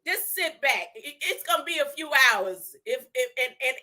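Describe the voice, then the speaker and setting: A woman's voice: high-pitched, animated, normal speed, hardly any pauses, sharp tone. A woman preaching on a live stream, laughing often, repeating herself and asking "huh?" between points. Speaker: online preacher. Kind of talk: animated live-stream talk about dreams and scripture.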